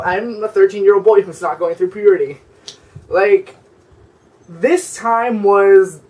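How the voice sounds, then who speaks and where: A man's voice: high voice, far from the mic, poor audio. Sassy, profane young man ranting. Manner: sassy, profane, rambling with constant "like". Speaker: vlogger. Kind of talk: story time vlog.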